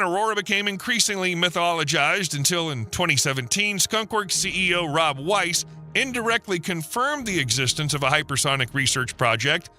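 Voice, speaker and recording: Narrator, male, high and very bright voice, steady scripted read, faint music under. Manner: steady explanatory read with rhetorical questions. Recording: voice-over with faint music behind.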